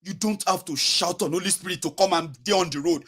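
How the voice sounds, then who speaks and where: A man's voice: high-pitched, fairly quick, slightly rough. A man with a Nigerian accent giving casual political commentary, acting out prayers and slipping into Pidgin. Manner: animated, acts out mocking prayers in Nigerian Pidgin.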